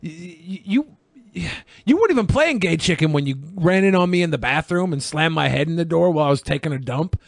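A man hosts a podcast in loose banter, telling crude stories with a joking edge. His voice sits a little high and moves a lot. The sound is dry and close. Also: expressive, brisk, gravelly, no room sound. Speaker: podcast host.

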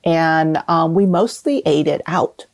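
A woman from Vietnam, a cookbook author guest in a casual interview, explaining things in a relaxed way and laughing often. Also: low-pitched, slow, no room sound.

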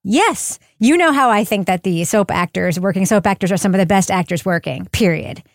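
A woman's voice: mid-range voice, expressive, fairly quick, creaky, no echo, studio quality. A woman hosting a podcast, chatting casually and wryly, drawing the others in. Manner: wry, joking, asks others in. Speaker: podcast host. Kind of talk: casual chat.

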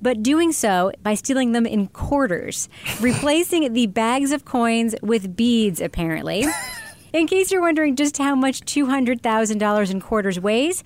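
A woman's voice: on the high side, lively intonation, measured pace. A woman hosting a casual podcast, upbeat and leading the segments. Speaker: podcast host.

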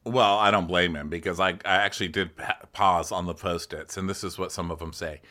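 A man's voice: steady tone, brisk, few pauses, pushed and bright. A man co-hosting a comedy recap podcast, joking and riffing with his co-host in casual chat. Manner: jokey, does exaggerated high falsetto impressions.

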